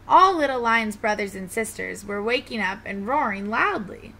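A woman, a teacher, reading a children's storybook aloud in a gentle, expressive way. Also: mid-range voice, moderate pace, vocal fry.

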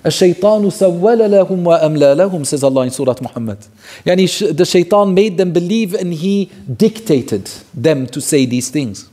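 A man with a fairly high but warm, mellow voice and a husky edge teaches a Quran commentary lesson. He retells old stories earnestly, repeats key phrases for weight and drops Arabic phrases into his teaching. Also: expressive, normal speed.

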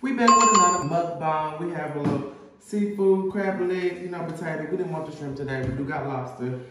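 A man's voice: on the high side, a little fast, distant mic. Southern man hosting a casual eating show. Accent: Southern American. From American South. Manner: laid-back, teasing banter. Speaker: mukbang host. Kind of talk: casual chat while eating. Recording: echoey room, off-mic, faint noise.

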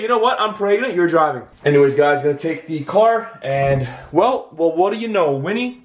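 A man's voice: medium pitch, a little hiss or hum. A young man chatting casually to a handheld camera, rambling and cheering on his dogs, in a car and outdoors. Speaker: vlogger. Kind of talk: casual vlog talk to camera.

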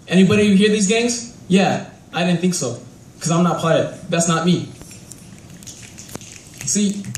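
A man's voice: on the high side, darkish tone, a little hiss or hum. Young male spoken word performer, heartfelt and rhythmic, caught from afar in a reverberant room with faint ambience. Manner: rhythmic, rhyming, heartfelt delivery. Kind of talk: live spoken word piece. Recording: echoey room from a distant mic.

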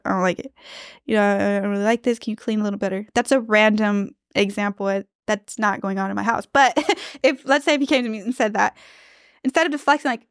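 A woman's voice: on the high side, fairly quick, no echo, clean studio sound. A young adult woman hosting a relationship advice podcast, talking casually and earnestly with many fillers, acting out quoted lines as she goes. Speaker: relationship coach and podcast host.

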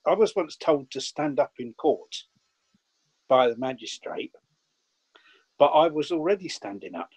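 A man's voice: a little high, very animated, measured pace, long pauses, darkish tone, slightly rough, poor audio. A man chiming in to an interview with his own recollections. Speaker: interview guest, activist. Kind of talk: casual interview chat.

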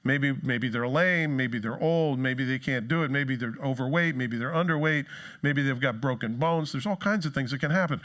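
A man preaching a sermon in a casual, joking way, acting out quoted excuses in higher, put-on voices. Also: normal speed, a bit bright. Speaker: pastor. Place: church.

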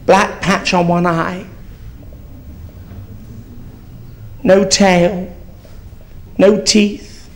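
A man's voice: sits high, little pitch movement, very slow, exaggerated voice. A man playing a brash, gossipy old East End woman, telling rambling, bawdy stories on a theatre stage. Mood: chatty. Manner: bawdy, rambling storytelling with swearing. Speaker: comedian in drag character. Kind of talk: live stand-up character comedy.

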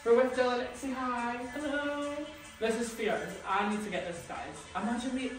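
A man who performs as a drag queen, vlogging casually to a handheld phone camera, chatty and excitable and full of "literally" and "um". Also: very high-pitched, normal speed, music in the background.

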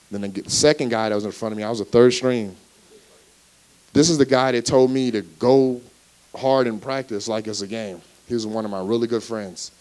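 A young man gives his testimony to a church congregation in a mid-pitched voice. He mixes casual, conversational asides with chuckles, then hammers short phrases over and over. Those phrases grow louder as he drives a point home. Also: steady tone, moderate pace, poor audio. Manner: emphatic, repeats key phrases, builds to loud exclamations. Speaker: guest speaker at a church service. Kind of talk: preached personal testimony. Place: church service before a live congregation.

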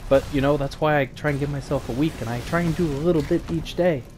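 A man giving a relaxed let's play commentary, thinking aloud in a flat, low-key way and often repeating small words. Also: quick pace, noisy background. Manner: low-key, flat delivery despite interest. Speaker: gaming channel host.

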